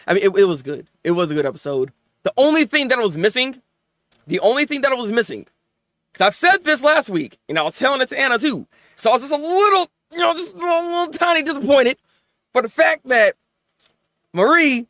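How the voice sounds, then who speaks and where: A man hosting a casual anime review, talking in an excited, rambling way, often laughing, stammering and acting out characters. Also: very high voice, dry recording, studio quality.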